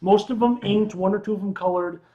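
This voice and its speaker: Excitable, swearing male comedian guest. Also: high voice, brisk, highs cut off. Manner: loud, excitable, swears freely. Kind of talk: casual late-night livestream chat.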